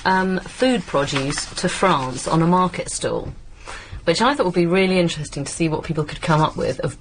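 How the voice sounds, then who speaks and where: A woman's voice: sits low, a little hiss or hum, rough recording. A woman from England co-presenting a radio show, asking questions in a chatty, easily amused way. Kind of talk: casual radio chat.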